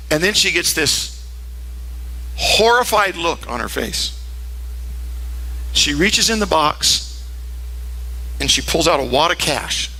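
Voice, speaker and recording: An older man preaching a sermon as a pastor, telling a story with lively, acted-out character voices. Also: poor audio. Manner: animated storytelling, acting out characters in high voices.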